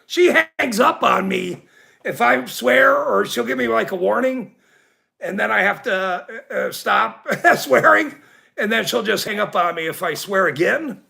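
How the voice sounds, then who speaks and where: A man's voice: high-pitched, lively intonation, a little slow, creaky, pushed and bright. A middle-aged man hosting a casual livestream, ranting indignantly and rambling, laughing often. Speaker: livestream host.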